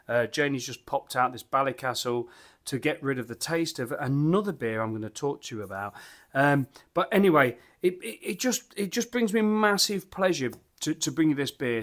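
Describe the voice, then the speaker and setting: A man's voice: medium pitch, fairly bright tone. A man, chatting enthusiastically and rambling as he reviews beer at his home bar. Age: 50s. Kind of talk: casual vlog chat.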